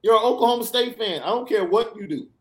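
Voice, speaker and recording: A man hosts a sports podcast and rants. He hammers his points home with sarcastic repetition. His pitch leaps up and drops low as he pushes each point. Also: animated, fast talker. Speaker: podcast host. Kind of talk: animated sports podcast rant.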